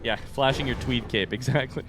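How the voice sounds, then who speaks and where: A man's voice: mid-range voice, fairly even intonation, a little fast, over music. A young man giving casual, joking commentary while playing a video game, talking back to it and swearing. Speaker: gaming streamer.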